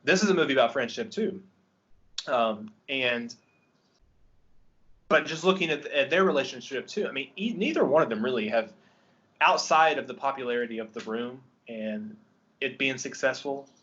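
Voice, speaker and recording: A man's voice: mid-range voice, lively intonation, moderate pace, fairly bright tone, dull audio. A man hosting a film podcast, talking casually and eagerly about a movie he loves, with lots of ums and restarts. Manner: enthusiastic, rambling with many ums. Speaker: podcast host. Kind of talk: casual film review chat.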